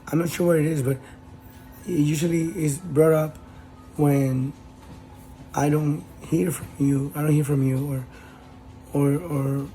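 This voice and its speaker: A man giving casual relationship advice, talking in a halting way with many fillers and restarts. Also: on the high side, dark tone, rough recording. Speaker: advice host.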